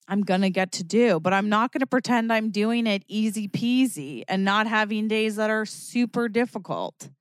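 A young adult woman hosting her own podcast, talking candidly and expressively in a casual solo monologue, from lively bursts to quiet reflection. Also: mid-range voice, clean tone, no room sound, clean studio sound. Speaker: podcast host.

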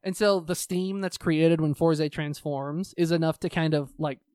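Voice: medium pitch, fairly even intonation, unhurried, a little mellow, dry recording, studio quality. A podcast co-host in casual chat, rambling and swearing offhandedly.

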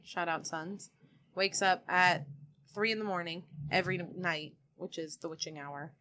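A woman's voice: lowish voice, bright, forceful tone, a little hiss or hum. A woman co-hosting a casual podcast, telling stories in an emphatic, dramatic way. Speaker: podcast co-host. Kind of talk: casual chat.

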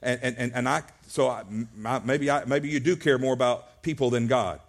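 A man's voice: mid-range voice, steady tone, moderate pace. A male pastor preaching a sermon at a church service, earnest, often restarting his words.

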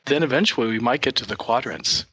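Husky, forceful man explaining design. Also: medium pitch, quick pace, dry recording, rough recording. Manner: patient, explains through worked examples. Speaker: guest art teacher. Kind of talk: explaining in an interview.

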